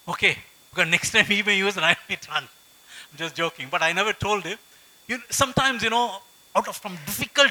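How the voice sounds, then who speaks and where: A man's voice: high voice, sharp tone, poor audio. A middle-aged male pastor preaching a sermon, emphatic, repeating phrases and telling stories from his life.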